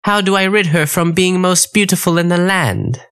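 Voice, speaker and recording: A woman's voice: lowish voice, moderate pace, fairly bright tone, natural voice. A woman voicing a vain, jealous evil queen in a comic audiobook, petty and indignant. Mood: scheming.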